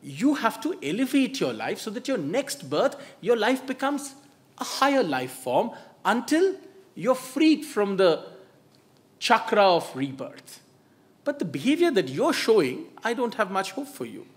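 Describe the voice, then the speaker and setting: A stern monk, as a male storyteller puts him on, scolds with lecturing reproach. The voice sits high and lively. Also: unhurried. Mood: scolding.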